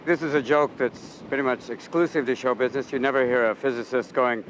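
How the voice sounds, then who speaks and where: A man telling a long joke as a comedian, acting out the joke's characters in quick bursts. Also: mid-range voice, slight background noise, rough recording. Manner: rapid, animated, switches between joke characters.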